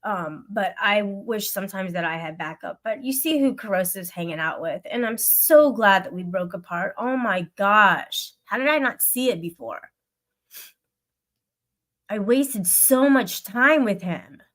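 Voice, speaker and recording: A woman's voice: medium pitch, expressive, a little slow, a bit bright. Upset streamer lady ranting at her chat, cussing a lot, aggrieved. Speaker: livestreamer. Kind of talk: venting to live chat.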